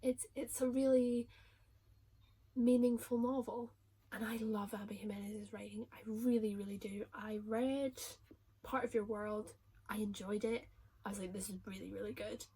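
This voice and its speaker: A woman reviewing her favourite books in a casual vlog, gushing and emotional, often dropping into a soft whisper. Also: fairly high pitch, level tone, measured pace, husky. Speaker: book reviewer.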